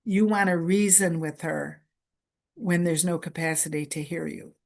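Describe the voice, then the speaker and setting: This workshop presenter lectures at a conference in a low, steady voice that is creaky and a little mellow. Her pace is measured, and she drives points home by repeating key phrases as short lists.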